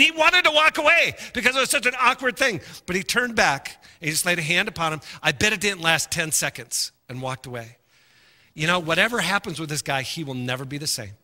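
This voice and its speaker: A middle-aged male pastor preaching a sermon, telling stories and moving between quiet asides and impassioned shouting. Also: on the high side. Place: large church sanctuary. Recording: long hall reverb.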